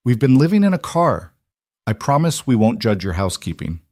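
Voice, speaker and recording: A man voicing a soft, tearful homeless mother. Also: medium pitch, big pitch swings, brisk, dry recording, studio quality, voice pushed up. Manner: soft, choked with tears. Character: exhausted woman fleeing with her daughter.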